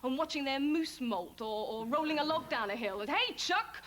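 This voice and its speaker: A woman's voice: high-pitched, brisk. A woman comedy performer in a TV sketch, talking earnestly with stammers and restarts. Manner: earnest, stammering protest turning to jokes. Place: TV studio with live audience. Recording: studio audience and noise.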